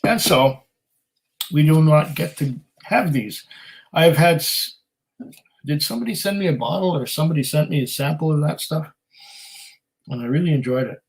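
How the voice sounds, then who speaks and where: A man's voice: on the high side, animated, normal speed, gravelly, long pauses, poor audio. Rambling man chatting on a livestream. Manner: rambling and self-deprecating, with many fillers and laughs. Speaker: whisky channel host. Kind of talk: casual livestream chat reading viewer comments aloud.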